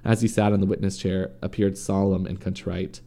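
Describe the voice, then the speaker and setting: Gravelly low man reading aloud. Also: level tone, brisk, dark tone. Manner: reads aloud with stumbles and self-corrections. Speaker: podcast host reading a story. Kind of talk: casual true-crime reading.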